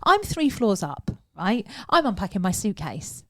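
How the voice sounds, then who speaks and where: Animated English woman telling a story. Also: medium pitch, measured pace, dry recording. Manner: animated storytelling, acts out quotes. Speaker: podcast co-host. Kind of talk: casual chat.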